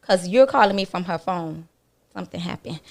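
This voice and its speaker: A woman's voice: fairly low pitch, fairly quick, vocal fry. A woman guest on a talk radio show tells a personal story candidly, acting out other people's lines as she goes. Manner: animated, acts out other people's lines in her retelling; blunt and candid, with casual swearing.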